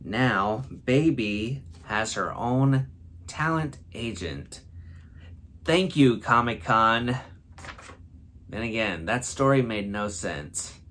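Slow-talking man reading a silly story. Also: mid-range voice, lively intonation, noisy background. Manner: breaks into laughter mid-read, stumbling over silly words. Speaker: host. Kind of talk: comedic read-aloud of a word-game story.

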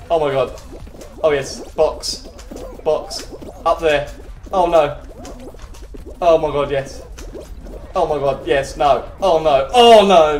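A man giving casual commentary while he plays a video game, chatty and excitable. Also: a little high. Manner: excitable, chatty, quick cries and laughs. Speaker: gaming channel host. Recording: roomy echo, faint game music.

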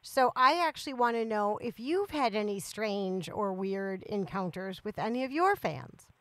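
A woman's voice: mid-range voice, expressive, normal speed, no room sound. A woman co-hosting a podcast in casual, chatty conversation. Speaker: podcast co-host. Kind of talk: casual chat.

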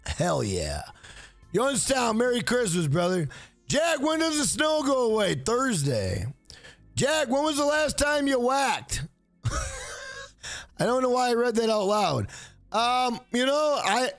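Brief: cursing streamer guy, very high animated voice, dry mic. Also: no echo. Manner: loud, profane, joking, reads chat aloud. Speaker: livestream host. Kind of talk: casual livestream chat.

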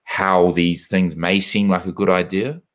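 A man hosting a casual live interview, talking in a reflective, measured way with plenty of fillers, on a video call. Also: sits low, level tone, fairly bright tone. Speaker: host, former rugby player.

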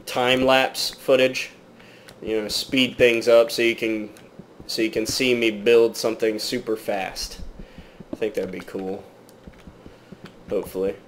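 Slow-talking man in a mock British accent. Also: medium pitch, a little hiss or hum. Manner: startled yelps and exclamations at game threats; talks to viewers as "guys". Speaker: gaming channel host. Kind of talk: let's play gameplay commentary.

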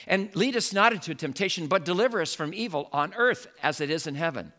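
Male pastor preaching, high lively voice, bright and punchy, gets really animated. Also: fairly quick. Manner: animated, rising to emphatic exclamations. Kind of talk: sermon.

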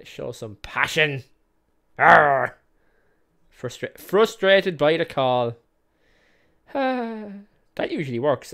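A man calls a match play by play in a gaming video he hosts, offering casual let's-play commentary that's chatty, self-mocking, and often interrupted by laughter. His voice is medium-pitched, smooth, and fairly bright.

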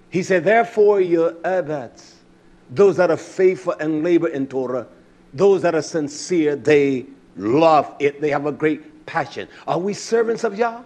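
Fervent higher-voiced male preacher. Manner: fervent, rising to shouts, then quieter and reflective; repeats hallelujah as he speaks. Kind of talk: sermon.

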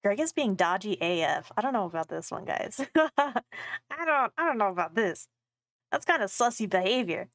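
A woman's voice: mid-range voice, very animated, normal speed, fairly bright tone, no room sound. A young woman playing a game, reading its texts aloud and reacting with casual, laughing, swearing commentary. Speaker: gaming streamer. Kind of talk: casual let's play commentary.

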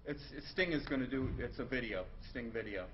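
Quiet producer man on noisy dull tape. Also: mid-range voice, brisk. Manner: quiet, terse countdowns. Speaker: studio producer. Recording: dull lo-fi audio with background noise.

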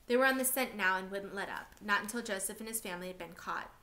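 A woman reading a novel aloud for a class, steady and expressive. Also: mid-range voice, fast talker.

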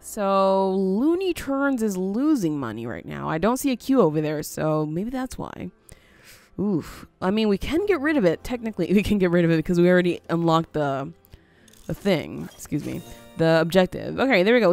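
A woman's voice: medium pitch, lively intonation, brisk, darkish tone, no room sound, soft background music. A woman casually commentating as she plays a building game, thinking aloud with frequent little laughs. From US, near Canadian border. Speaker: gaming video host. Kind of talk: casual let's-play commentary.

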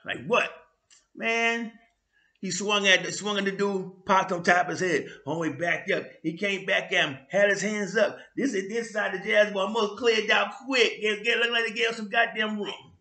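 A man with a New York accent hosting his own vlog, telling a street story in slang with sound effects and loud bursts. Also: high voice, moderate pace, reverberant. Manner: animated street slang with frequent "you know what I'm saying". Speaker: vlog host. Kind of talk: casual storytelling monologue.

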